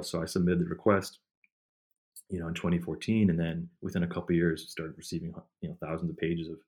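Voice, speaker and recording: A man being interviewed as a historian, recounting his research in a rambling, conversational way full of fillers and restarts. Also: low voice. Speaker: historian and author, interview guest. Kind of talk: casual conversational storytelling.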